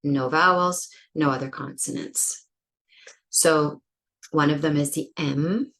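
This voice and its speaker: Low-voiced woman teaching pronunciation. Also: fairly even intonation, a bit bright. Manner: slow, deliberate, exaggerates sounds to demonstrate them. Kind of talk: explanatory pronunciation lesson.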